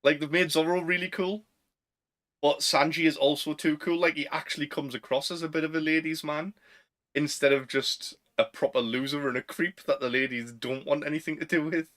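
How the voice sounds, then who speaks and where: A man's voice: on the high side, fairly even intonation, a little fast, a bit bright. A man with a Northern English accent, co-hosting a casual podcast chat, who talks in slang and laughs often. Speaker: podcast co-host.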